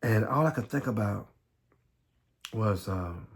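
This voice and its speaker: A man from the Southern United States telling his own life story, halting and earnest, often repeating words and close to tears. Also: fairly low pitch, expressive. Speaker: vlogger.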